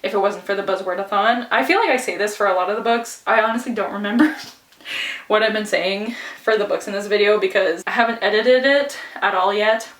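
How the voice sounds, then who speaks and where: A woman's voice: mid-range voice, fairly quick, fairly bright tone, reverberant, distant mic. A woman book vlogger talking casually and chattily, giggling often and filling her talk with "like" and "anyways", a little out of breath. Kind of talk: casual reading vlog.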